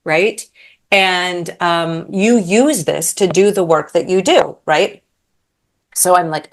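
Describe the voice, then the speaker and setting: A woman's voice: on the low side, slow pace. A woman in her thirties, a podcast guest, telling a story in casual chat and acting out quotes, with many fillers.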